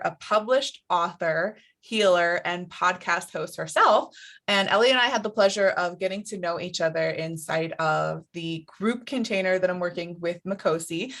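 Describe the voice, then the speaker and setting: A woman's voice: fairly low pitch, fairly bright tone. A woman hosting a podcast interview, talking in an enthusiastic, effusive way. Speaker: podcast host.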